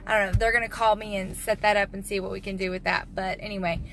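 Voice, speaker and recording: A woman's voice: mid-range voice, little pitch movement, fast talker, fairly bright tone. A young woman chatting casually in a family vlog, upbeat and sing-song when she talks to her kids. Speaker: family vlogger and mother.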